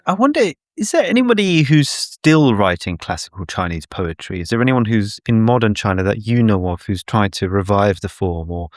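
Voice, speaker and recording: A man's voice: fairly low pitch, animated, normal speed, few pauses, no room sound, clean studio sound. A man hosting a podcast interview, thoughtful and casual, often saying "like". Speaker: podcast host.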